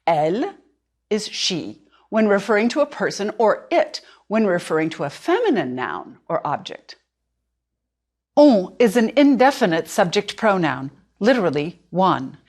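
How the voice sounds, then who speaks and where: A woman language teacher, narrating a lesson clearly and deliberately and slowing down on words she wants repeated. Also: medium pitch. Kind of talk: instructional narration.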